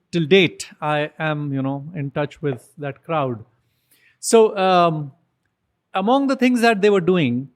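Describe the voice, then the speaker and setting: Male guest, slightly high voice, casual and rambling storyteller. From India. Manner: rambling, with many "um", "I mean" and "you know". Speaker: podcast guest.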